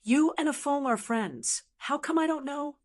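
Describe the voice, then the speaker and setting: A curious young companion who asks dry, questioning things, as a woman reading an audiobook puts them on. The delivery is slow and plain, lifting a little on the questions. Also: sits high, animated, voice pushed up.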